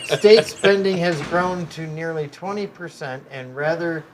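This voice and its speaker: A man co-hosting a podcast, reading news articles aloud in a steady cadence with the odd joking aside. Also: on the high side, measured pace, a crowd in the background, low-quality recording.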